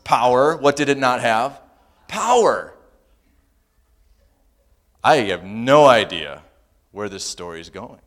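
A male pastor preaching a sermon, humorous and animated, moving between loud punchlines and quiet, earnest asides. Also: mid-range voice, unhurried. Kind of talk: sermon with personal storytelling.

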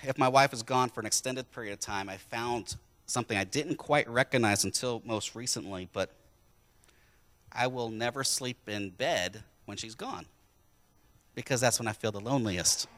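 A man's voice: medium pitch, normal speed, a bit bright. A man from Wisconsin preaching a sermon in a church, talking to the congregation conversationally and with jokes. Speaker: pastor.

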